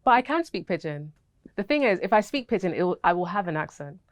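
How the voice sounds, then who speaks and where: A woman's voice: on the low side, sing-song, fast talker, over loud music. A young woman with a British accent, an actress answering interview questions in a candid, chatty way and laughing easily.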